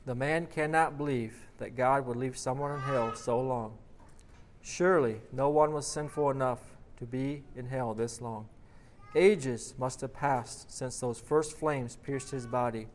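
A man's voice: mid-range voice, a little slow, slight background noise. A man preaching, reading a dramatic story aloud and then leading a prayer, emphatic on repeated questions. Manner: emphatic, rising on rhetorical questions.

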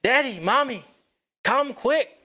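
A man voicing an excited little girl during a children's Bible story. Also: very high voice, slow pace, voice pushed up, heavily acted.

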